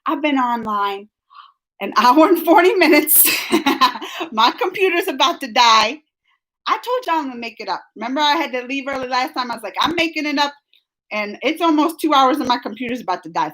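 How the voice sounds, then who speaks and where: A woman's voice: sits high, fairly bright tone. A woman hosting a casual live stream on a computer microphone, rambling and chatty as she reads comments, laughing often and restarting her sentences. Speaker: live stream host reading chat comments.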